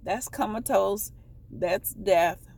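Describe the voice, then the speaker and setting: A woman vlogger telling a personal story in a casual, rambling way, often halting to correct herself. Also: mid-range voice, creaky, a little mellow.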